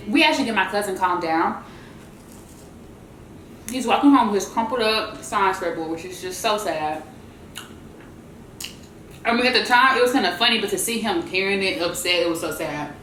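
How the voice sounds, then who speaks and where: A woman vlogger tells a story between bites, chatty and animated, and talks to her viewers as y'all. Her voice sits in a mid range. The room adds a noticeable echo, with a faint hum underneath. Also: medium pitch, normal speed, long pauses. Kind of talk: casual storytelling while eating.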